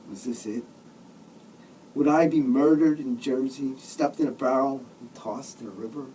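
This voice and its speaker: A man's voice: mid-range voice, moderate pace, mellow, distant mic, a little hiss or hum, poor audio. A man, the author, reading his own comic novel aloud in a sardonic, grumbling manner with mock outbursts.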